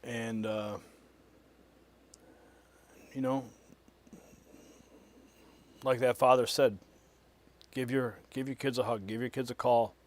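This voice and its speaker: Guy hosting a live news stream, mid-pitched voice, punchy reads then quiet mumbling asides on a close mic. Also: steady tone, slow, long pauses. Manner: shifts between loud punchy read and quiet muttered asides. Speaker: news show host. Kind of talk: live online news commentary.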